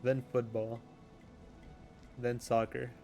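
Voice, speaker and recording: A man's voice: mid-range voice, level tone, slow pace, a little mellow, soft background music. A young man streaming a game, chatting casually with viewers in a joking, offhand way and laughing often. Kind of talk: casual chat reading viewer messages.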